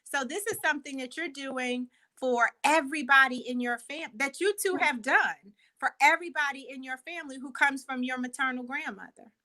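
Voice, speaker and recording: Earnest woman guest on a video call, bright and higher-pitched, thoughtful, restarts phrases. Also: moderate pace, hardly any pauses, rough recording. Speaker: guest, company co-founder. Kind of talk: casual video chat interview.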